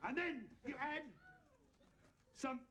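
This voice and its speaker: A man's voice: extremely high pitch, slow pace. A man doing comic stage patter for an audience, bumbling and giggling at his own jokes in mock exasperation, heard on an old TV recording. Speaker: stage comedian and magician. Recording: old TV recording with loud background noise. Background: audience laughter.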